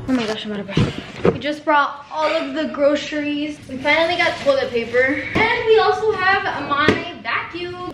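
An eighteen-year-old woman vlogging from her new apartment, car and stores, chatting casually with lots of slang and swearing. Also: sits high. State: tired. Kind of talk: casual vlog chat. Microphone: handheld camera. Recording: echoey rooms with background noise.

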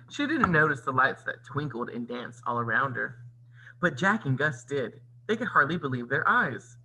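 A man reading a storybook aloud like a teacher, pausing to explain the story. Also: mid-range voice, slight background noise, low-quality recording. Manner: expressive, teacherly. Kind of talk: read-aloud storybook narration with comments.

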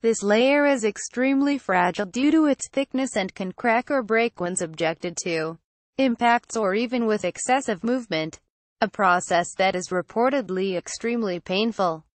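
A woman's voice: mid-range voice, moderate pace, no room sound. Woman reading a clinical horror file. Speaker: narrator. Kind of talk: scripted horror narration.

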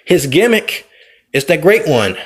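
Man with a fairly high voice for casual gameplay commentary. He rambles, circles back and corrects himself. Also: sing-song, measured pace. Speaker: wrestler and vlogger. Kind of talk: casual opinion vlog over gameplay.

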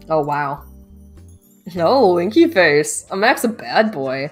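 A woman's voice: lowish voice, big pitch swings, takes it slowly, faint music behind. A young woman with a slightly stuffy nose, giving playful, giggly casual commentary on a game as a streamer. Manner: playful, giggly, reads dialogue aloud.

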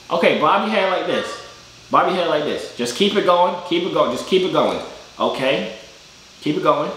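A man's voice: a little high, animated, brisk, fairly bright tone. A young man hosting a casual video chat vlog, teasing and joking with strangers in a playful way. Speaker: vlog host. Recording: echoey room, faint noise.

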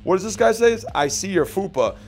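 A man hosting a gameplay video, brash and profane, joking and bursting into shouts. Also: high-pitched, lively intonation, a little fast, soft background music. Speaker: gaming video host. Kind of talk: casual gameplay commentary.

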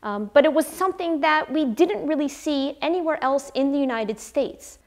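A woman linguist giving a clear, measured educational explanation. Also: high-pitched, lively intonation, darkish tone.

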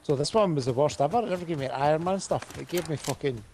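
A man's voice: a little high, quick pace. A man joking with friends on a laid-back game voice chat. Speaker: squad player. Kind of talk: casual gaming voice chat. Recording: loud background noise.

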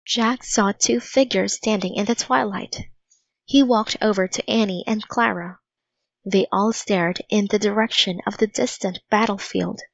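A woman narrates a children's storybook in a clear, even voice of middle pitch. She reads slowly. The recording is dry and dull, slightly lo-fi. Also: no room sound. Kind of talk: storybook read-aloud.

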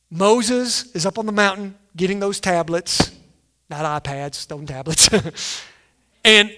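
Man, pastor preaching, high-pitched, animated delivery, loud emphatic punches. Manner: animated, acts out quotes, sudden loud emphasis. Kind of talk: sermon.

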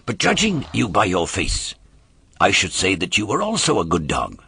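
A man voicing a sly, greedy male polecat who bargains in a low, coaxing voice. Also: wildly swooping pitch, moderate pace, vocal fry, bright, forceful tone, husky, exaggerated voice.

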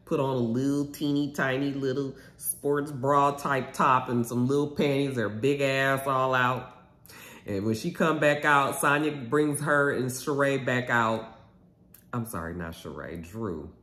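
A man giving a casual, animated recap of a reality TV episode, gossipy and sassy. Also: mid-range voice, a little slow, reverberant.

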